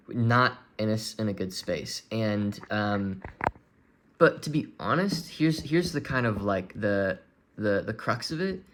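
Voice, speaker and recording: A young man speaking candidly to his audience, earnest and open, with halting restarts as he searches for words. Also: mid-range voice, a bit bright. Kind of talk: candid personal confession.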